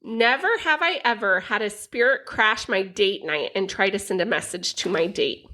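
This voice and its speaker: A woman's voice: mid-range voice, moderate pace, sharp tone. A woman co-hosting a podcast who talks in a chatty, emphatic way and reads game questions aloud. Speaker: podcast co-host. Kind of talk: casual chat.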